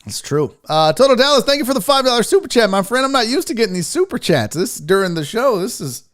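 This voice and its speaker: A man's voice: high-pitched, sing-song, fast talker, a bit bright. A man from the American South hosting a casual sports talk livestream, brash and profane, joking and chatting with his viewers. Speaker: sports talk show host.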